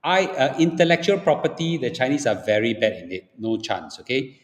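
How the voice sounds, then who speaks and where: A man's voice: medium pitch, very animated, brisk. Blunt Singaporean man lecturing, echoey room. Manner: blunt and lecturing, peppered with "okay?" and "ah". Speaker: livestream host. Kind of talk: opinionated livestream talk. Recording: echoey room with long reverb.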